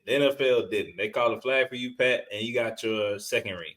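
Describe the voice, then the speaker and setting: A man's voice: on the low side, brisk. Profane, slangy male sports podcaster. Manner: profane, slangy, animated trash talk. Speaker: podcast co-host. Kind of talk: casual sports chat.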